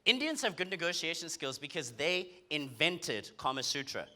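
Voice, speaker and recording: A man's voice: on the high side, normal speed. A young man from South Africa with a South African accent, doing a punchy, teasing stand-up comedy set on a comedy club stage. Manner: punchy, animated, teasing the crowd.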